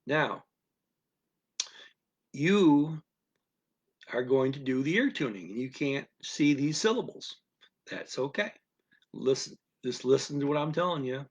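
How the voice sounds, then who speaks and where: A man's voice: medium pitch, animated. A man teaching a listening lesson on a live stream, patient and repetitive, checking in with "okay?" again and again. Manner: slow, patient, repeats instructions with frequent "okay?". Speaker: language teacher.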